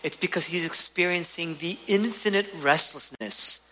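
High, bright-voiced preacher in a big hall. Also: male voice, moderate pace, a little hiss or hum. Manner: emphatic preaching, swinging between raised urgent passages and hushed low ones; rhetorical questions to the listeners. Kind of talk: sermon. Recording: long reverb of a large hall.

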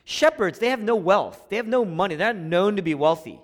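A man preaching a sermon as a pastor, swinging between hushed, intimate lines and rising, emphatic passages. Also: high-pitched, animated, brisk. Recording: long hall reverb.

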